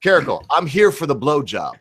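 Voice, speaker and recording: A man's voice: a little high, big pitch swings, a little fast, fairly bright tone, slightly rough. Drunk, rambling man hosting a stream. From Michigan. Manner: crude, rambling, joking. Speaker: livestream host. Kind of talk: casual livestream chat.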